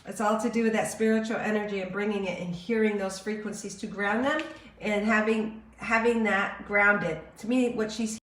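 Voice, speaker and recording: Woman, medium pitch, channeler on a live stream; slow and searching, echoey room sound. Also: steady tone, fairly bright tone, a little hiss or hum. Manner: slow, searching, meditative delivery with pauses. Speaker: spiritual channeler.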